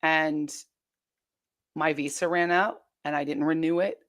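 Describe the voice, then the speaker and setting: A woman's voice: sits low, steady tone, unhurried. A woman telling her story as an interview guest, earnest and intense, often quoting her own past thoughts aloud. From United States.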